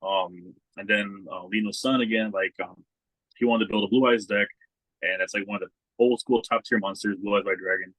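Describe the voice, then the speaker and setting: A man's voice: fairly low pitch, steady tone, fairly quick, a bit bright, dry recording, rough recording. A man co-hosting a podcast in casual chat, laid-back and swearing often, raising his voice when he quotes people. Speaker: podcast co-host.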